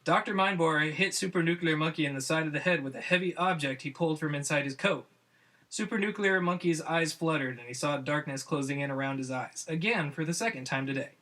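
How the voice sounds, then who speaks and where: A man's voice: fairly high pitch, a little fast, sharp tone. A man narrating a comic adventure story on a podcast, often amused by his own tale.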